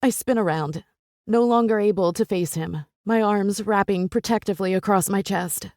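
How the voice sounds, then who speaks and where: A woman's voice: medium pitch, normal speed, a little mellow, dry recording, studio quality. A woman narrating a first-person romance audiobook with intense, emotional delivery.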